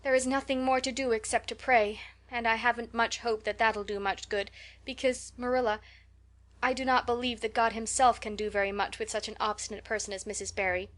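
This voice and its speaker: A woman reading aloud and voicing an excitable, dramatic orphan girl who pleads in high-flown words. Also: a little fast, lightly acted. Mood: indignant.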